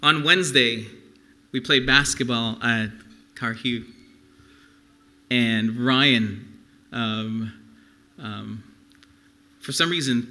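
A man's voice: mid-range voice, bright, forceful tone. A middle-aged man preaching a sermon, earnest and conversational, asking the congregation questions. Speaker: pastor.

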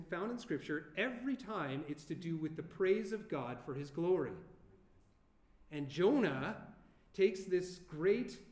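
Guy preaching a sermon, kinda high voice, lots of rhetorical questions, echoey room. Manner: earnest, rhetorical questions, slow emphatic pauses.

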